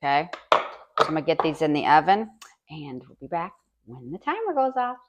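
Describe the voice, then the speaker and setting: Low-voiced woman chatting through a bake. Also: big pitch swings, fairly quick, slight background noise. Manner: chatty and homey, talks while tasting. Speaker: home cooking vlogger. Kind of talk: casual cooking demonstration. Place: home kitchen.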